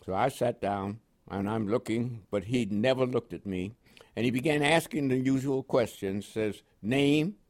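Speaking at a normal speed in a medium-pitched, slightly mellow voice, an older man from Panama tells his life story for an oral history interview. He laughs frequently, and his New York accent is tinged with West Indian touches.

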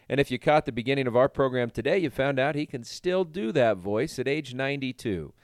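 A man's voice: mid-range voice, lively intonation, fairly quick, no echo, studio quality. A man hosting a radio show, introducing his guest and asking him questions in an earnest tone.

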